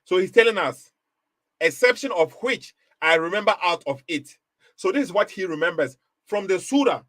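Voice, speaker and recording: Fairly high-voiced man firing rhetorical questions. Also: animated, normal speed, a bit bright, no echo. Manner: rhetorical questions, emphatic and repetitive; frequent short laughs. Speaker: livestream host. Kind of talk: live apologetics commentary.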